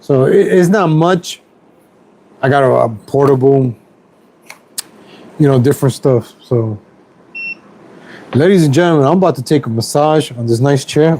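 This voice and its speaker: A man's voice: medium pitch, normal speed, pauses often, mellow, a little hiss or hum, low-quality recording. A middle-aged man ranting on a casual home stream, rambling and repeating himself, angry at everything. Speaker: YouTube streamer. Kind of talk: casual political rant stream.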